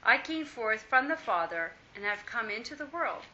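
A woman reading scripture aloud in a steady, measured way during a Bible study. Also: a little high. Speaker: scripture reader. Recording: muffled lo-fi with faint hiss.

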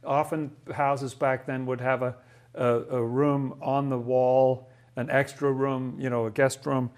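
A man's voice: mid-range voice, level tone, a little slow, smooth. A man leading a Bible study lesson. He talks thoughtfully, often restarts his sentences and asks rhetorical questions.

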